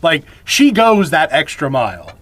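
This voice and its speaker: A man co-hosting a casual movie podcast, tossing in wry jokes. His voice sits a bit high and swings up and down a lot. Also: huge pitch swings, measured pace, fairly bright tone. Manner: joking, wry asides. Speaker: podcast co-host. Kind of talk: casual movie recap chat.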